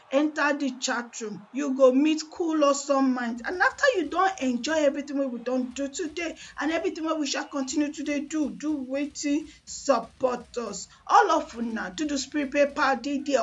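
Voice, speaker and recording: A woman's voice: sits high, a bit bright, lo-fi sound. A woman with a Nigerian Pidgin accent hosting a live radio sports show, switching between Pidgin, English and Yoruba and hyping her listeners. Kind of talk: lively radio show banter. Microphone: studio mic.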